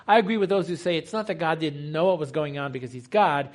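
A man's voice: fairly high pitch, fast talker, few pauses. A man preaching a teaching sermon in a conversational, explanatory way, asking rhetorical questions.

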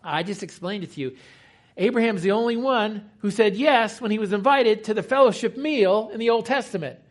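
A man with a high voice preaches a teaching sermon, explaining things conversationally and asking his listeners questions along the way. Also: brisk.

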